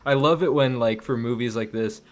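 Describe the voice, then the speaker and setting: A man's voice: mid-range voice, a little fast. A man co-hosting a podcast in casual chat, rambling through his points with constant restarts. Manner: rambling, many fillers and restarts. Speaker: podcast co-host.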